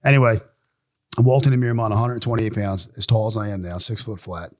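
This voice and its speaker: A man in his forties with a somewhat low voice tells a hard personal story as a guest on a podcast. He is blunt and swears freely. He brings the story to life by acting out what other people said. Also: fast. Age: 40s. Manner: blunt, profane, animated storyteller; acts out other people's lines in quoted voices. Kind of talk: candid recovery storytelling.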